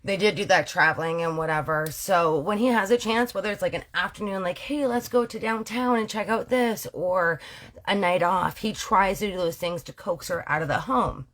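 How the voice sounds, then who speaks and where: A woman's voice: lowish voice, moderate pace, fairly bright tone. A woman from Canada hosting casual true-crime storytelling, slangy and playful, often correcting herself. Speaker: storyteller host.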